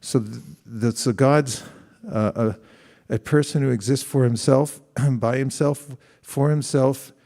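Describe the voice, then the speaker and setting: A middle-aged man delivers a sermon in a relaxed, conversational way, often turning to his listeners with questions and playing out little back-and-forth dialogues. His voice sits at an ordinary pitch with a mellow, darker tone. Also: measured pace, vocal fry, few pauses. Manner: conversational, questions the audience, acts out quoted exchanges. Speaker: spiritual teacher. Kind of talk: sermon to a live audience.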